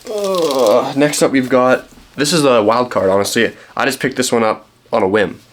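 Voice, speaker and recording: With a mid-range voice and a brisk pace, a young Canadian book vlogger chats about the books he found over slight background noise. He rambles, makes fun of himself, and often says um and restarts his sentences.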